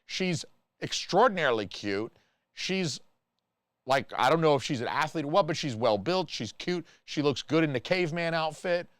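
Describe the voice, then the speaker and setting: A man delivers casual solo film commentary, rambling and full of opinions, restarting his sentences with fillers. His voice is smooth and resonant at a middling pitch. The recording is close and dry. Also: expressive, normal speed, fairly bright tone, no echo. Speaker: movie reviewer.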